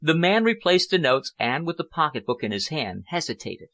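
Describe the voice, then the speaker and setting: A man reading a novel aloud as an audiobook narrator, in a steady, measured manner. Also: on the high side. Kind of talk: scripted narration.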